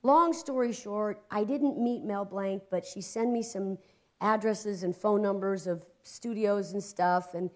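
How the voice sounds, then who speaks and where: A woman from Ohio, a guest in casual conversation, telling stories with lively energy and frequent laughter. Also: mid-range voice, unhurried. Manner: animated storyteller, voices quotes, laughs a lot. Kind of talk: casual chat, storytelling.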